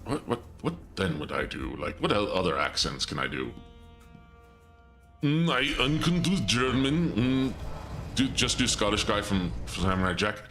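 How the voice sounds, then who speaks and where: A man's voice: low voice, very animated, brisk, creaky, few pauses, sharp tone, faint music behind. A man streaming a video game, rambling and joking through casual commentary. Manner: jokey, rambling, self-interrupting. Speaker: gameplay streamer.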